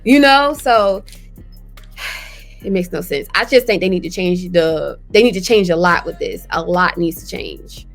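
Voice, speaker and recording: A woman's voice: on the low side, animated, a little slow, faint music behind. A woman guest in an interview, speaking candidly and conversationally about her own experience, often voicing her past thoughts aloud. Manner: earnest, conversational, drops into quoted thoughts. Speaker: guest, cancer survivor. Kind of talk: candid personal storytelling.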